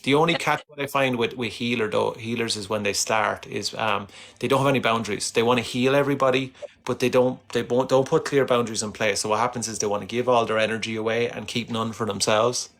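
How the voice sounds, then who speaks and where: A man speaking as a guest in a casual conversation, reflective and measured, sometimes repeating words. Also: medium pitch, fairly even intonation, a bit bright.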